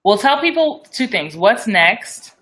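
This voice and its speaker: A woman hosts a live-stream interview with a bright, forceful voice. She speaks upbeat and direct, turning often to her watching audience. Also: medium pitch, sing-song, a little slow. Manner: upbeat, direct, addresses viewers. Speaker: host of an acting show.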